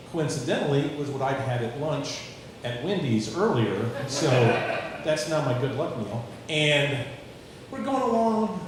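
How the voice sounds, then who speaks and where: Forties guy doing stand-up, dry and self-deprecating, big reverby room, faint hiss. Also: mid-range voice. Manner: dry, self-mocking, dark punchlines. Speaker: stand-up comedian. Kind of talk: stand-up comedy set. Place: comedy stage before a live audience. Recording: very echoey live room.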